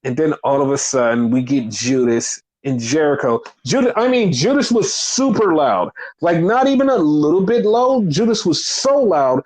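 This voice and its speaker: A man chatting casually on a podcast, recapping wrestling with lively, swearing retellings and acted-out quotes. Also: on the high side, moderate pace, few pauses. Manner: animated, swears freely, acts out quotes. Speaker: podcast co-host.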